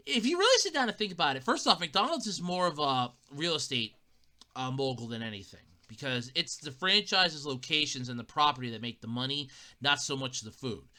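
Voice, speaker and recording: A woman hosting a podcast, talking casually with sarcastic, animated humor and frequent laughs. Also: low voice. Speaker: podcast host. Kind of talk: casual comedic podcast monologue.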